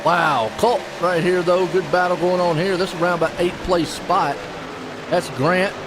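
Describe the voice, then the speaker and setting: A man calling a live sim race play-by-play, excitable and folksy. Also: high-pitched, moderate pace, background noise. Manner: excitable, folksy, puzzled asides. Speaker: race commentator.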